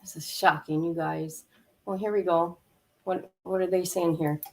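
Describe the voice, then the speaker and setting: A woman hosting her channel, sounding shaken and halting as she comments and reads a news report aloud. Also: on the low side, fairly even intonation. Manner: shaken, halting, many fillers. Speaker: channel host.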